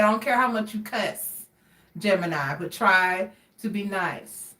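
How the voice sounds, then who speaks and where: A woman giving a casual tarot reading, chatty and expressive as she talks straight to her viewers. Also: medium pitch, a little slow, distant mic. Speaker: tarot card reader. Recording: roomy sound from away from the mic.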